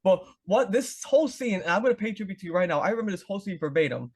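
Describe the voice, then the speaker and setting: A man with a slightly higher voice hosts a relaxed chat. He talks eagerly and at length, like a devoted fan walking through favorite scenes. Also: rapid-fire, breathy edge. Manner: enthusiastic fan, retelling scenes with acted voices. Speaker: podcast host. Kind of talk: casual chat.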